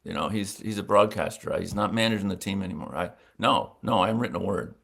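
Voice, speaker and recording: Gravelly older man telling animated stories. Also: deep voice, fast talker. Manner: animated storyteller acting out quoted voices. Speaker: interview guest, sportswriter. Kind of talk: storytelling in a casual interview.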